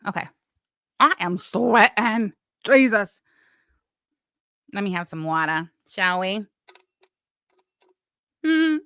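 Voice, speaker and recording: A woman's voice: medium pitch, big pitch swings, slow pace, pauses often, a bit bright, dry recording, studio quality. A woman hosting a casual livestream, chatting and reading messages with sarcastic asides. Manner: chatty, sarcastic, talks to chat while doing other things. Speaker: livestream host.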